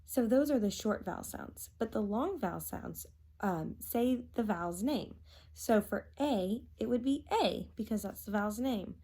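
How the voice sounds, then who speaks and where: A woman teacher giving a phonics lesson to young children, sounding out letters and words slowly and carefully. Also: medium pitch, gravelly, a bit bright.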